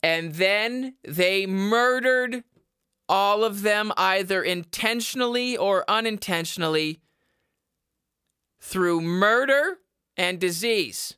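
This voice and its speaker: Young guy ranting on his podcast, bright voice, dry close sound, swears and laughs a lot. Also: high-pitched, slow, clean tone, no room sound. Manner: swearing, exasperated, laughs often. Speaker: podcast host. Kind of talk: casual ranting monologue. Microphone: headphones.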